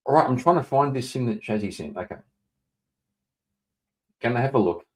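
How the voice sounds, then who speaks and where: A male livestreamer with a middle-pitched voice talks casually to his chat. He rambles, laughs a lot and swears freely. Now and then he bursts out loud and excited. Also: normal speed. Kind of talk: casual livestream chat reading viewer messages.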